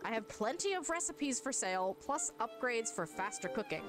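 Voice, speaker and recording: A woman's voice: fairly high pitch, sing-song, normal speed, music in the background. A woman voicing a refined female cooking shop keeper with a grand, theatrical manner. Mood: grandly theatrical.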